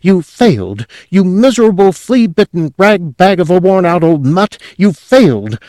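A man's voice: mid-range voice, sing-song, measured pace, darkish tone, no room sound, clean studio sound, voice pushed up. A man voicing a nervous, small male clerk who snaps and wails in panic. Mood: despairing. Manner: frantic, snapping and wailing.

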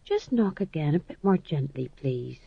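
A man's voice: high-pitched, sing-song, moderate pace, no echo, muffled recording. A man voicing a fussy, polite young male king in an audiobook reading. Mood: plaintive. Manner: prim, plaintive. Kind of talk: audiobook narration.

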